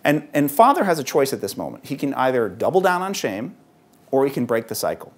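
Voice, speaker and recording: A man speaking to a room of parents in a loose, conversational lecture, often filling pauses with ums. His voice has a husky grain to it. His pitch rises and falls with a lot of life as he tells his stories. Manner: lively, conversational, frequent ums. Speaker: author and speaker at a parents' event. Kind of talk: public talk to parents. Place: event hall.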